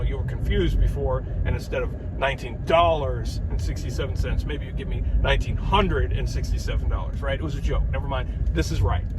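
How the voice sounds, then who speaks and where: A man's voice: on the high side, background noise. A man telling a story in a casual vlog, joking and acting out the dialogue. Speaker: channel host.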